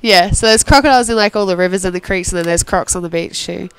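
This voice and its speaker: A woman's voice: on the low side, fast, slight background noise. A young woman with an Australian accent from Queensland, chatting casually as a studio guest, easygoing and sprinkling her talk with "like". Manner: easygoing, laughs often, many "like" fillers. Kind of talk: casual chat. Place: radio studio.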